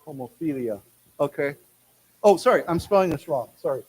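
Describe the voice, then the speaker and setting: A man with an American accent teaching a live English class, chatting loosely with many restarts and saying words slowly for the class to repeat. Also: a little high, expressive, breathy edge. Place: lecture room.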